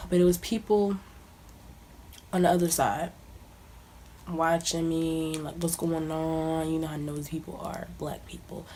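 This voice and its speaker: A woman's voice: sits low, level tone, unhurried, a little mellow, a little hiss or hum. A young woman casually telling a personal story as a vlogger, sometimes dropping to a near-whisper. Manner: casual, conversational, drops to near-whispers at times. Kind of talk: storytime monologue.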